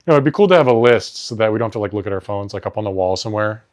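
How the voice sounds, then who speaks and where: A man's voice: on the low side, racing. Giggly rambling podcast guy. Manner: giggly, rambling, loses his train of thought. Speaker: podcast co-host. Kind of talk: casual chat.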